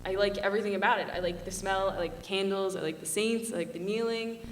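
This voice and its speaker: A woman's voice: medium pitch, steady tone, quick pace, slight background noise. A young woman, a student panelist, giving an earnest, passionate panel talk, chatty with lots of "like", recorded from a distance in a hall. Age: young adult. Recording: echoey hall from far off.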